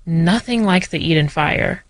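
A woman reporter giving clear, steady news narration. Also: on the low side, measured pace, no room sound.

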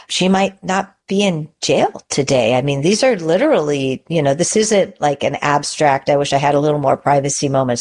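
A woman's voice: low voice, darkish tone. A middle-aged woman answering interview questions as a guest lawyer, earnest and thoughtful with frequent fillers.

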